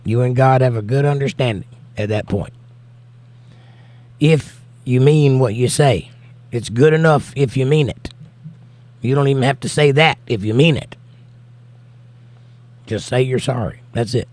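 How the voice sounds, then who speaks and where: A man's voice: medium pitch, unhurried, long pauses, darkish tone. An American man hosting a casual livestream, greeting viewers and reading their comments aloud in a lifted, sing-song voice. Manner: reads chat aloud in a raised, sing-song voice. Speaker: livestream host.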